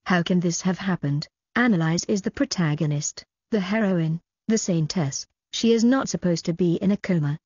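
A woman's voice: fairly low pitch, normal speed, few pauses, a little mellow, slightly rough, no echo. A woman voicing a blunt, irreverent young villainess in a storybook reading. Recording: dull lo-fi audio.

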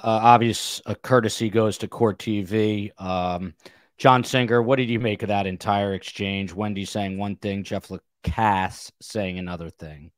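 A man's voice: on the low side, steady tone, a little slow, no echo. A man with a New Jersey accent hosting a live panel discussion, moderating casually with lots of fillers. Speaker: podcast host.

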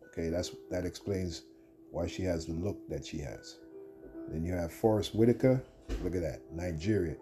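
A low, dark-toned man in his fifties with a husky edge talks straight to camera in a loose, combative rant. He stumbles and restarts often as he goes. Faint music sits behind him. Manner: combative, rambling, frequent stammered restarts. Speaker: video commentator.

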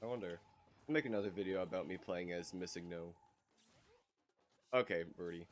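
A man giving excitable let's-play commentary, swearing and laughing often as he plays. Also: deep voice, normal speed. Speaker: gaming channel host.

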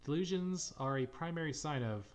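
A man's voice: a little high, animated, moderate pace, close to an everyday voice. A man reading a smug, condescending male scientist who analyzes someone like a test subject.

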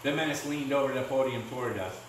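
A man, a teacher, reading a storybook aloud to his class in a steady way. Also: medium pitch, fast talker, slight background noise. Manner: steady, with small restarts. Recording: echoey room from far off.

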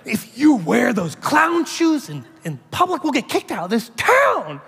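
A man mimicking a shrill, scolding wife. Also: wildly swooping pitch, a little slow, vocal fry, sharp tone, breathy edge, full character voice. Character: exasperated wife, yelling at her husband. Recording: long hall reverb.

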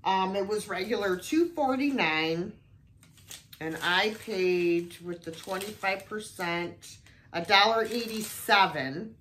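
A woman's voice: mid-range voice, slow, fairly bright tone, a little hiss or hum. An older woman chatting casually through a thrift haul video, exclaiming often as she shows off her finds.

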